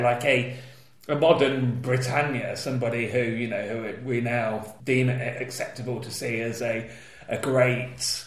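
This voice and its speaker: A man's voice: mid-range voice, roomy sound. A man hosting a conversation, speaking casually and hesitantly, repeating words as he forms his thoughts. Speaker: podcast host.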